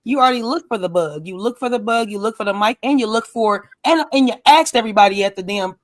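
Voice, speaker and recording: Casting: lively man with a fairly high voice, emphatic recap co-host, dry close sound. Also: fast, no room sound. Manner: animated, emphatic, talks in bursts. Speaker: podcast co-host. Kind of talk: casual recap chat.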